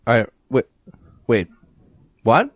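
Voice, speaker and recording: A man's voice: mid-range voice, big pitch swings, very slow, no echo, voice pushed down, heavily acted. A man voicing a sarcastic, put-upon male henchman in an improvised comedy skit, incredulous and mocking.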